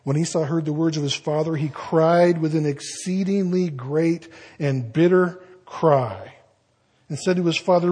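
A man's voice: a little high, unhurried, darkish tone, breathy edge. A man preaching a sermon, reading scripture and breaking off into folksy, conversational asides.

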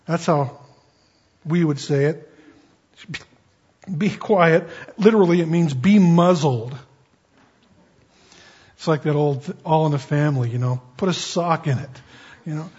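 Brief: male pastor, slow and husky, slightly high voice, folksy sermon on a dull lo-fi recording. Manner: folksy, conversational asides.

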